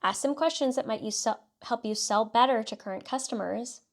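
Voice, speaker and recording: A woman's voice: fairly high pitch, a little fast. A woman from South Texas with a light Southern twang, hosting a solo podcast and coaching listeners with upbeat, direct instructions. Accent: light Southern US country twang. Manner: upbeat, coaching, direct second-person instructions with frequent "okay" and "let's say". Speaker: podcast host and marketing consultant.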